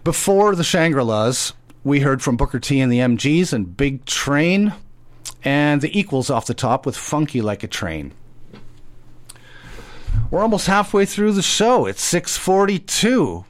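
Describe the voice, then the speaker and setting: Slow-talking male radio DJ. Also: a little high, very animated. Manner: rambling, chatty, self-correcting with small laughs. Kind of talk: casual radio show chat.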